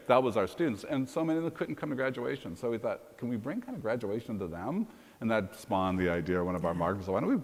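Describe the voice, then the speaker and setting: A man, a university president, telling brisk anecdotes in a conference fireside chat on stage. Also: sits low. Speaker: university president being interviewed. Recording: long reverb of a conference hall.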